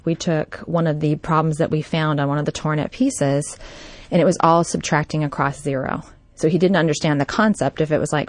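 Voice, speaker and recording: A woman's voice: sits low, no echo. A woman, a former behavior specialist, telling a personal story from her work and quoting the people in it. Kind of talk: personal anecdote talk.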